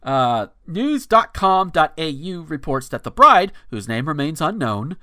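A man's voice: a little high, very animated, unhurried, sharp tone, dry recording, clean studio sound. A man hosting a podcast, reading viral news with sarcastic asides and frequent stammered restarts. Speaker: podcast host. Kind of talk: casual news commentary.

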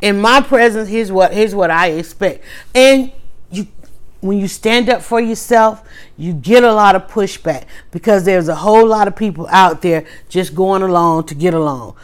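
A woman hosting a livestream, telling a story in a casual, animated way with quick restarts and emphatic asides. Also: medium pitch. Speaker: livestream host.

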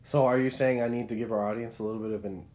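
Rambling, animated young man co-hosting. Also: lowish voice, racing. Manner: animated storyteller, rambling with restarts. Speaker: podcast co-host. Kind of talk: casual chat.

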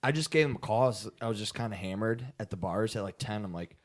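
Rambling young man, low voice. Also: fast talker. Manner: rambling, swears often, says dude. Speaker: podcast co-host. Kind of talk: casual storytelling among friends.

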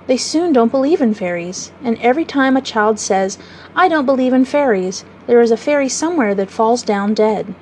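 A woman's voice: on the high side, lively intonation, normal speed, a little mellow, slight background noise, close to an everyday voice. Woman voicing Peter Pan, cocky eager boy. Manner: passionate, cocky, boyish. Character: eager boastful boy who never grows up.

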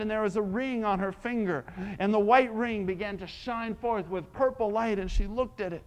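High-voiced, dramatic male preacher. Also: moderate pace, dull audio. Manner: dramatic, swings between hushed and loud. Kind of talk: sermon storytelling.

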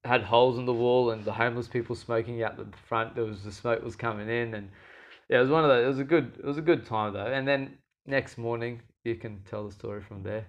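A man's voice: medium pitch, a little fast, muffled recording. A young man, a fighter, chatting casually and acting out the voices of people in his story. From Australia. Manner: animated, acts out quoted voices, laughs often. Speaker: guest fighter.

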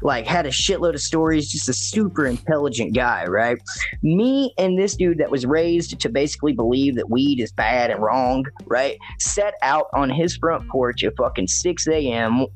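A man's voice: mid-range voice, lively intonation, moderate pace. A man, a podcast co-host, telling a casual, profanity-laced story and often adding "right?". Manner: laid-back, profane storytelling with frequent "right?". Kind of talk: casual chat.

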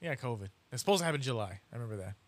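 A man's voice: mid-range voice, expressive, racing, no room sound. A man co-hosting a boxing podcast, chatting casually, agreeing often and speaking in loose, rambling phrases. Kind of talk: casual chat.

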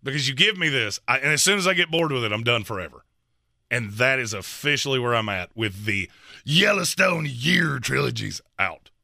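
A man co-hosting a sports radio show in casual banter, ranting with animated, exaggerated complaints. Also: mid-range voice, normal speed, gravelly, dry recording, studio quality.

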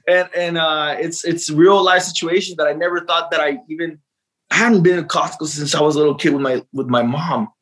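Guy rambling about dad life, stumbles over words a lot, slightly high voice. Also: fairly quick, a bit bright, rough recording. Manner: rambling, repeats words, acts out quotes. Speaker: interview guest, father. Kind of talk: casual storytelling chat.

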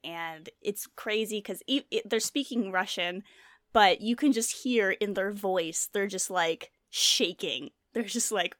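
Woman, casual true-crime storyteller, mid pitch, dry close sound, lots of fillers. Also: unhurried, fairly bright tone, no echo. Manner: storytelling with many fillers and asides. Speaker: podcast co-host.

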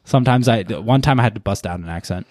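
A man's voice: on the low side, fast talker, a little mellow, no room sound, studio quality. A man hosting a podcast in a laid-back, casual chat and swearing freely. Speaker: podcast host.

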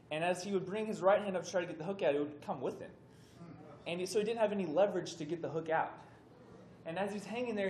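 Young man telling a story in an echoey hall. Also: high voice. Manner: animated, conversational, acts out voices in stories. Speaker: youth speaker. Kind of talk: casual sermon storytelling. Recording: echoey room with faint background noise.

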